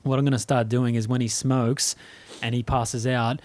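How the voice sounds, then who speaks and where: A man's voice: medium pitch, level tone, normal speed, darkish tone. A man co-hosting a podcast, telling rambling anecdotes full of restarts and laughter. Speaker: podcast co-host. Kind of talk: casual storytelling chat.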